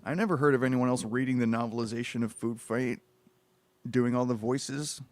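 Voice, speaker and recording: A man's voice: mid-range voice, fairly even intonation, moderate pace, a little mellow, no echo, soft background music. A man reading a book aloud on a livestream, with rambling, profane, exasperated asides. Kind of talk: comedic read-aloud livestream.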